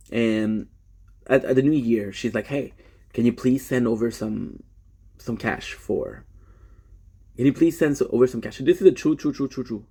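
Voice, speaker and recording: A man's voice: medium pitch, warm tone, slightly rough. A young man live-streaming a rambling confessional story, often stopping to correct himself.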